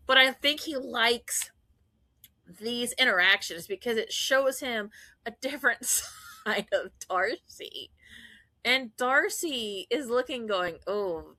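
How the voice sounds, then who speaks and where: A woman podcast host giving a casual, animated fan recap, gushing and laughing often. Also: fairly high pitch, no room sound.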